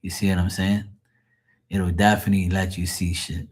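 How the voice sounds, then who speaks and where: A man with a deep, slightly mellow voice and little pitch movement speaks at normal speed while hosting a late-night live tarot stream. He tells rambling, profane stories and often laughs at them himself.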